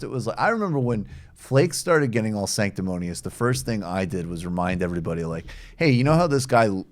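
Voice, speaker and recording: A man hosting a political podcast, talking casually in a sardonic, profane way. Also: low-pitched. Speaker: podcast host.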